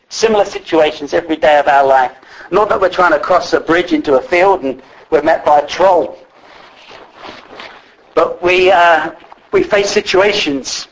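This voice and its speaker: Guy preaching, chatty and loose, lots of uhs, voice a bit high. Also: low-quality recording. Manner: conversational, with many fillers and restarts. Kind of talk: sermon.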